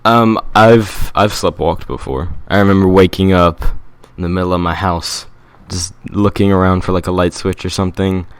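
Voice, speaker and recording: A man's voice: sits low, moderate pace, hardly any pauses, smooth, no room sound. A man co-hosting a comedy podcast, chatting casually with plenty of ums and likes. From England. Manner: relaxed, many fillers like um and like. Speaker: podcast co-host.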